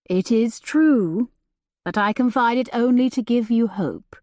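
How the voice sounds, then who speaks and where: A woman voicing a grieving older earl who speaks softly, slowly and earnestly. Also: a little high, dry recording, clean studio sound, close to an everyday voice. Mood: gentle. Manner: soft, slow and solicitous.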